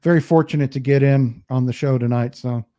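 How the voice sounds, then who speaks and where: A man's voice: mid-range voice, steady tone, a little fast, dark tone. A man co-hosting a casual sports podcast, telling stories in an easy, conversational way. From United States. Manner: storytelling, conversational. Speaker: podcast co-host.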